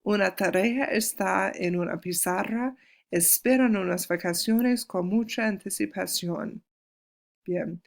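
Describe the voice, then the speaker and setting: Gravelly-voiced woman teaching Spanish. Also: mid-range voice. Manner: patient, slows down to model Spanish words. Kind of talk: recorded classroom lesson.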